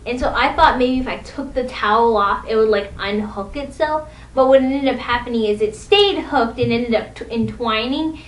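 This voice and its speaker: A woman's voice: moderate pace, few pauses. Chatty young woman in an echoey room. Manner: chatty, rambling, self-deprecating. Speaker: vlogger. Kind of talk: casual storytelling vlog. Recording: echoey room, distant mic, faint rumble.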